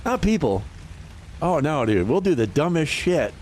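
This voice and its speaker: A young man from New Hampshire, voice a little high and pace normal, streams a game amid slight hiss or hum. His casual chatter is animated storytelling, loaded with swearing and laughter.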